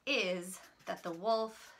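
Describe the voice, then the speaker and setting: A woman teacher giving a read-aloud lesson to children, explaining things in a lively, friendly way. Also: mid-range voice, slow.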